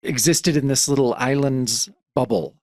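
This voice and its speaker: A man's voice: medium pitch, moderate pace, darkish tone, dry recording. A man co-hosting a podcast about comics, chatting casually and rambling with many restarts. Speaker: podcast co-host.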